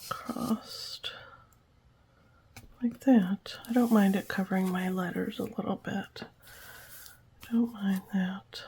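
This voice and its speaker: Woman whispering thru her journal crafting, slow and mellow, tiny bit of hiss. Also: mid-range voice. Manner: whispers while working with her hands, talks to herself. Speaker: journaling channel host. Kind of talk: soft whispered crafting chatter.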